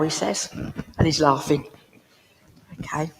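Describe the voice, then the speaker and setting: Speaking at a measured pace in a lowish voice, a woman delivers a spiritualist mediumship reading to a listener in a village hall. Her manner is chatty and down-to-earth, and the room gives a long reverb.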